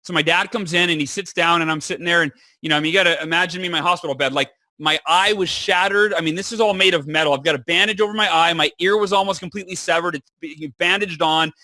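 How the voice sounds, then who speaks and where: A man in his thirties, a podcast guest telling a personal story in an animated way and acting out the dialogue. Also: on the high side, fast talker, hardly any pauses, dry recording. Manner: animated, acts out quoted dialogue. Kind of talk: storytelling in an interview.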